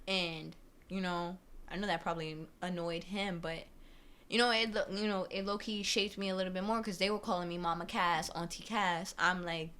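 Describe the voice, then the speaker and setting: A woman's voice: fairly low pitch, fairly even intonation, moderate pace, a bit bright, clean tone. Slangy young woman rambling casually. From New York. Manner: rambling, slangy, cusses freely. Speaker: podcast guest. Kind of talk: casual podcast chat.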